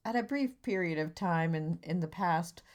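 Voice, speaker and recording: Low-ish voiced woman cohost, deadpan teasing, stop-start chat. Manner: dry, teasing, halting with restarts. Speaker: podcast co-host. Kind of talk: casual comedy chat.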